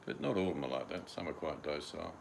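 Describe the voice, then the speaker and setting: A man's voice: extremely low pitch, fast talker, vocal fry, noisy background. An older man with an Australian accent chatting casually at home, rambling and acting out his dogs in quoted voices. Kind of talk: casual chat.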